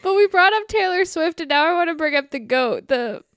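A woman co-hosting a movie podcast, trading quick jokes in casual chat. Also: very high voice, lively intonation, fairly bright tone, dry recording, clean studio sound. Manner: quick, joking banter. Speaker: podcast co-host.

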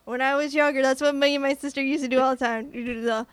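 A woman's voice: high-pitched, flat delivery, quick pace, dry recording. A young woman co-hosting a podcast in casual chat, giggling often and stumbling over restarts. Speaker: podcast co-host.

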